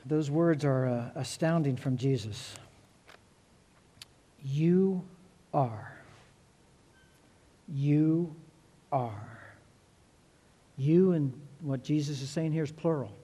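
A middle-aged male pastor delivers a sermon in a mellow, warm tone that sits a little high for a man. He is earnest, leans on repeated words and slows down to stress key phrases.

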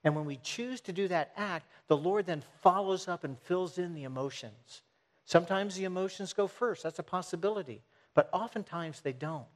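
A man preaching a sermon in an earnest way, stressing points by repeating them and sometimes restarting phrases. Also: high-pitched. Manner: earnest, repetitive emphasis with halting restarts.

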